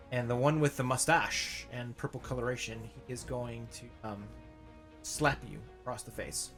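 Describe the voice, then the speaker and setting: A man running a tabletop game, mid-pitched and animated, stumbling through his narration with bursts of laughter. Soft music plays behind him. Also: moderate pace. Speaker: game master.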